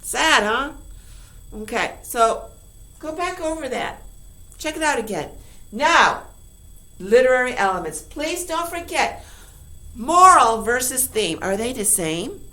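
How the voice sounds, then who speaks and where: A woman teacher reviewing a lesson for her class, upbeat and emphatic, full of rhetorical questions and quick "okay?" checks. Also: sits high, sing-song, pushed and bright. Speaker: high school English teacher.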